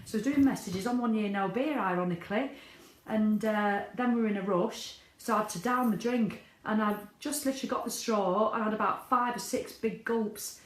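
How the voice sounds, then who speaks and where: A woman's voice: medium pitch, brisk. A middle-aged woman talking candidly in a casual video diary, swearing freely. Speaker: vlogger. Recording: echoey room.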